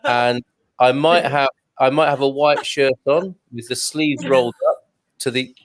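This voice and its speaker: A man's voice: mid-range voice, steady tone, a little slow. A man in his forties hosts a wine club chat, joking and wandering into rambling asides. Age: 40s. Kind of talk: casual online group chat.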